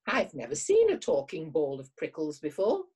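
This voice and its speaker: A woman's voice: low voice, huge pitch swings, normal speed, darkish tone, breathy edge, far from the mic, full character voice. A woman voicing a lonely, curious young male fox in a storybook reading, in a raised, eager voice. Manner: eager, wondering.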